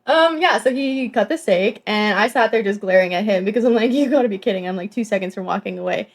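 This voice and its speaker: A woman's voice: mid-range voice, fairly quick. A young woman in her twenties, a podcast co-host, telling a first-date story in casual chat. She laughs often and acts out the quotes.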